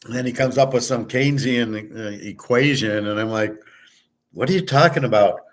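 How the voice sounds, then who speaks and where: A man's voice: mid-range voice, normal speed. A man hosting his own show, telling stories in a blunt, boastful, profane casual monologue and acting out both sides of each exchange. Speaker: host of a sports picks show.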